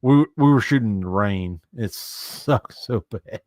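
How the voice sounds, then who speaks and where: Halting man in casual chat. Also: on the low side, darkish tone, no echo, clean studio sound. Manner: halting, repeats words, quick asides.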